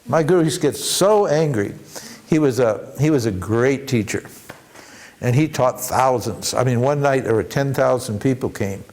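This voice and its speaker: A man giving an informal workshop talk as a spiritual teacher, animated and acting out the voices he quotes. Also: medium pitch, normal speed. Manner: animated, acts out quoted voices, chuckles between points.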